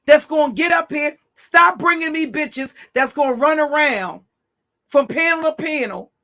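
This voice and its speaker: Give me a woman livestream host ranting at her chat: cursing, taunting and confrontational, with a high, bright, cutting voice. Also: normal speed.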